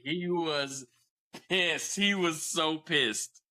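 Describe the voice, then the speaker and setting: A man's voice: on the high side, drawn-out words, over a noisy crowd, poor audio. A man in his forties casually telling a profane story as a podcast co-host, often laughing.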